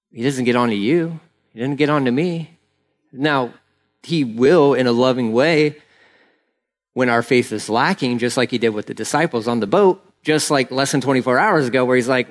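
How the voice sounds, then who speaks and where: A man's voice: mid-range voice, normal speed. A man preaching a conversational sermon as a pastor, earnest and casual, often saying "like" and briefly acting out the people he quotes.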